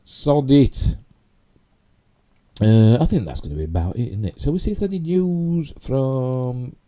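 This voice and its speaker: With a mid-range, dark-toned voice, this middle-aged YouTube host from Yorkshire chats animatedly at a measured pace. He rambles through a casual live stream with self-mocking asides, in a Yorkshire accent.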